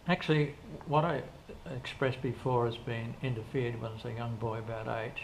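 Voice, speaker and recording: A man's voice: mid-range voice, fairly even intonation, moderate pace. An older man, telling long, rambling stories as an interview guest, full of restarts and quoted dialogue. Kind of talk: casual storytelling in an interview. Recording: faint background noise.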